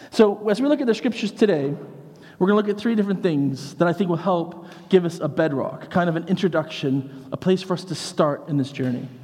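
Man, vicar, lively sermon storytelling, higher pitched voice, reverberant church. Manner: animated storyteller, swings from hushed to shouting.

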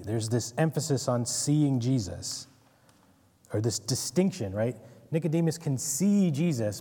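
A man's voice: mid-range voice, lively intonation, measured pace, warm tone, slightly rough, in a large hall. A man giving a casual Bible study lecture, conversational, with wry asides and frequent "right?" checks. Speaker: Bible teacher.

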